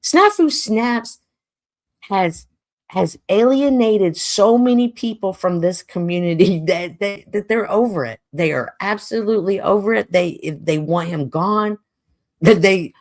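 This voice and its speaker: A woman hosting a casual livestream monologue, talking in an expressive, animated way and laughing often. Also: unhurried. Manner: animated, expressive, laughs often, mimics others in high voices. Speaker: livestream host.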